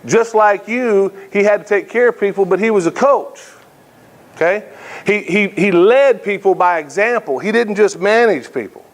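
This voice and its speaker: A middle-aged man giving a motivational speech, telling folksy, animated stories and checking in with the crowd. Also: high-pitched, moderate pace. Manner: folksy, animated storyteller, addresses audience with "right?". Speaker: keynote speaker.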